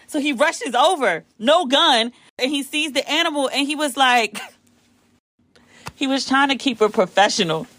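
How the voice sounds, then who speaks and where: Animated woman telling a story. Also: a little slow, dry recording. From United States. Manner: animated, acts out quotes with big pitch jumps. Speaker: podcast host. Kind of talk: casual storytelling monologue.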